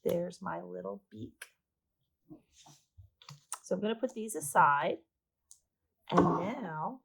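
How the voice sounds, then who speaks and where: A woman's voice: mid-range voice, gravelly, breathy edge, poor audio. A woman teaching a paper craft step by step, chatty and a little self-mocking as she works. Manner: chatty and self-deprecating, talking while working. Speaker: art teacher.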